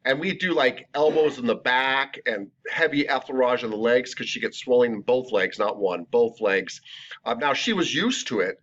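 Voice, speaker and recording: A man's voice: medium pitch, moderate pace. Chatty male massage instructor. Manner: chatty, animated, jokey. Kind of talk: classroom lecture. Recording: lo-fi recorded lecture.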